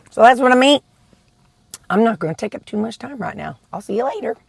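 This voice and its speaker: A woman vlogger chatting casually about her meals, rambling and tasting food as she talks. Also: lowish voice. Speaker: weight-loss vlogger. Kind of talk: casual food vlog chat.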